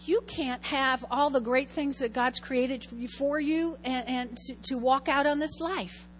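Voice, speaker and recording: A woman pastor preaching a sermon, lively and chatty, calling out to her congregation for answers. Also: high voice, measured pace. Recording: hall reverb, faint hum.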